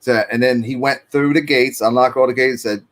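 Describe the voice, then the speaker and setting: A man's voice: mid-range voice, fairly even intonation, normal speed. A man telling his own story in casual street slang, swearing freely and acting out what people said. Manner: street slang, profane, acts out quotes.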